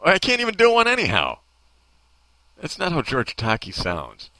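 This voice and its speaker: Sarcastic high-voiced male ranting host. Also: wildly swooping pitch, moderate pace, pushed and bright, no echo. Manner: sarcastic, mocking, talks to off-mic people. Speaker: talk show host. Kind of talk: comedic opinion rant.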